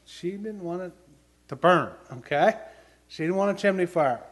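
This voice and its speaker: A middle-aged man preaches a sermon in a higher-than-usual voice. He tells homely personal stories earnestly and builds to emphatic questions for his listeners. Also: expressive, normal speed.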